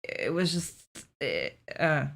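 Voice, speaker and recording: A woman with a notably low voice joins a relaxed chat about a film. She is talkative and laughs easily, often cutting in before the other person has finished his thought. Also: takes it slowly, creaky. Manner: chatty, laughs easily, jumps in mid-sentence. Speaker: co-host guest. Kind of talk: casual movie discussion.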